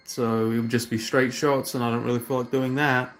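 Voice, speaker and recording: A man's voice: mid-range voice, level tone, a little fast, a bit bright. Rambling British man in his thirties. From Britain. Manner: rambling, self-deprecating, many fillers and restarts. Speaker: streamer. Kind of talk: casual livestream chat.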